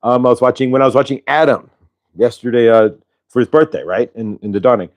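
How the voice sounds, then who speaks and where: Man, card-reading livestream host, halting and rambling, mid-range voice. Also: medium pitch, fairly even intonation, a little mellow. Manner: rambling, halting, many fillers and restarts. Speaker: channeler and show host. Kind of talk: casual spiritual livestream chat.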